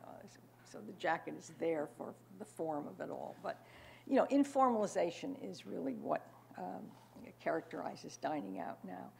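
A woman's voice: fairly low pitch, sing-song, normal speed, gravelly, a little hiss or hum. An older woman giving a prepared panel talk in a wry manner, with frequent fillers and asides. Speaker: panel speaker.

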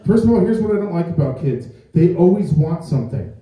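A man whose voice sits high talks animatedly and a bit fast during a stand-up set, rambling self-deprecatingly for a live crowd. The audio is dull, captured from a distance in a reverberant club.

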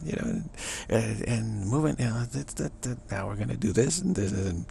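A man giving rambling spiritual commentary, chuckling and halting with many restarts. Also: lowish voice, animated, vocal fry, a little mellow, a little hiss or hum.

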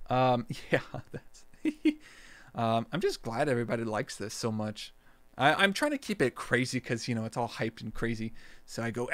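A man streaming a game, rambling with lots of fillers and restarts, then bursting into shouts and laughs. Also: medium pitch, lively intonation, moderate pace, no room sound. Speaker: gaming streamer. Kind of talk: live gameplay commentary.

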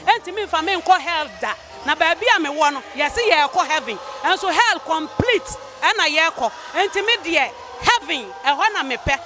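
A woman giving an emotional church testimony, animated and often exclaiming. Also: extremely high pitch.

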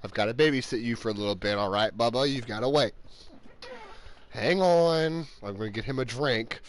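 A man's voice: mid-range voice, normal speed, slight background noise. Chatty tipsy man streaming a game. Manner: loose, chatty, talks to a small child off-mic. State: a bit tipsy. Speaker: gaming streamer. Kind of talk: casual live-stream chat.

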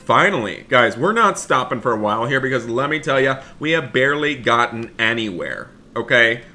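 A young man hosting a gaming video, giving excited gameplay commentary and talking straight to his viewers. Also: mid-range voice, moderate pace. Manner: animated, keeps addressing viewers as guys, shouts for help in panic. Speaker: gaming channel host.

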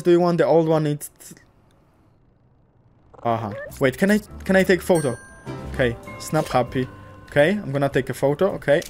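A young man casually commentating a cute game, gushing, swearing lightly and talking to the characters, often jumping up into excited squeals. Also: on the high side, unhurried, long pauses, faint music behind. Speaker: gaming YouTuber.

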